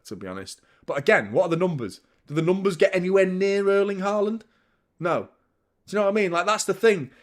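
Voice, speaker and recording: A man hosting a live football watchalong, chatting opinions and commenting on play, swearing freely and getting loud at big moments. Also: medium pitch. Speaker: host of a football fan channel.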